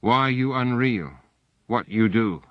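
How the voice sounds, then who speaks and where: A man's voice: mid-range voice, slow pace, no echo, lightly acted. A man voicing a blunt male alien prison healer who speaks childishly in broken phrases with an odd foreign accent. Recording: dull, dry audiobook recording.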